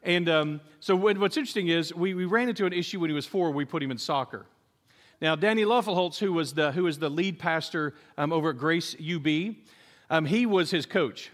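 A middle-aged pastor preaches a sermon built around a humorous story, acting out the voices of its characters and joking with the congregation. He speaks a little fast in a fairly high voice, with animated delivery.

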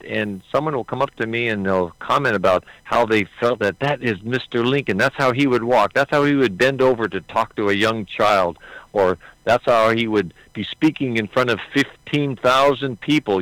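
A man's voice: medium pitch, fairly bright tone, no room sound, rough recording. A man being interviewed about playing a historical figure, answering earnestly with hesitant restarts. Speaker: actor portraying Lincoln, interview guest.

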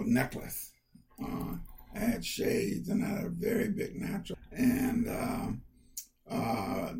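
An older man recounts personal stories in an interview, his voice rising and falling through a very wide, animated range. His tone has a gravelly edge, and faint noise sits beneath the recording. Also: medium pitch. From United States. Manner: animated, lively storyteller who acts out family quotes. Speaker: interviewee, county councilmember. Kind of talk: conversational storytelling.

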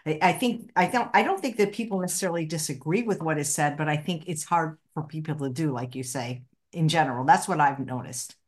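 Low-voiced woman hosting politely. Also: brisk, hardly any pauses. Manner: polite, hedging. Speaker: host. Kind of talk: interview questions.

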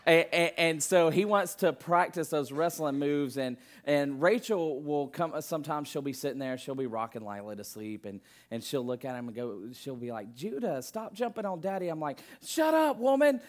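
A young man preaching a conversational sermon, telling family stories in an animated way with frequent restarts. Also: mid-range voice, moderate pace, few pauses.

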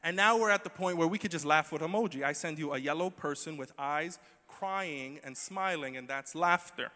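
A man preaching a sermon in a conversational, humorous way, moving between quiet asides and emphatic lines. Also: on the high side, moderate pace. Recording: long hall reverb.

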